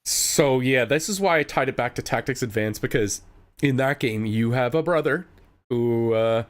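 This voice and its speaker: A man's voice: mid-range voice, normal speed. A man co-hosting a podcast in casual chat, explaining his view of a story in a conversational way. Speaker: podcast co-host.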